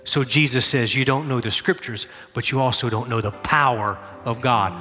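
A middle-aged man preaches a sermon in a church sanctuary, his voice very bright and ringing. The room carries a long echo, with faint music underneath. He moves from animated storytelling to hushed prayer. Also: medium pitch, normal speed. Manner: animated storytelling, shouting in reenactments, dropping to quiet prayer. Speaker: pastor.

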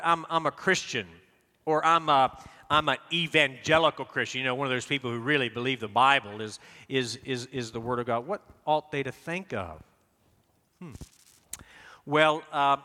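Recorded in a reverberant, large church hall, a man with a sharp, medium-pitched voice delivers a sermon as pastor. Emphatic, he repeats words while hunting for the next ones and guides the congregation through reading aloud.

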